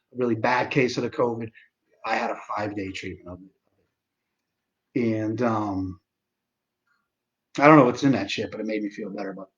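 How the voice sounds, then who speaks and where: A man's voice: medium pitch, dull audio. Sarcastic, swearing man in his forties. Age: 40s. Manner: sarcastic, profane, halting with many fillers. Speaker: livestream host. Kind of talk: casual livestream chat.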